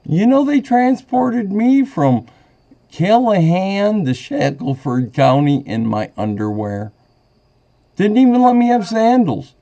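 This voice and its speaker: A high-voiced man with a dark tone, vocal fry, and a sing-song lilt takes his time on a call to a sheriff's office, recorded on his end in dull lo-fi quality. He presses a complaint, rambling and agitated, alternating between indignation and getting choked up.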